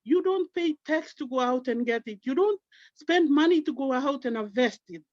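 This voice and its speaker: With lively intonation at a normal speed, a high-pitched woman with a darkish tone shares her fervently religious, heartfelt story with her team on an online call; she's middle-aged and from Papua New Guinea. The recording is dry with the highs cut off.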